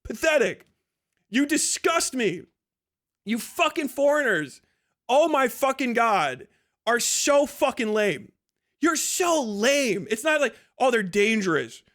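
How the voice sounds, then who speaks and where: A man's voice: extremely high pitch, very animated, slow pace, a bit bright. A man hosting a livestream, delivering a profane and mocking rant, full of swearing and scornful laughter. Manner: mocking, aggressive, swearing constantly. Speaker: livestream host.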